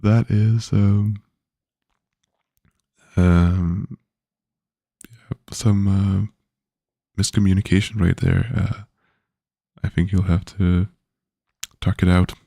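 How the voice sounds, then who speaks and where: A man's voice: low voice, level tone, drawn-out words, gravelly, long pauses, warm tone, no echo, clean studio sound. A man, a game developer, thinking aloud casually while coding, hesitant with many filler sounds.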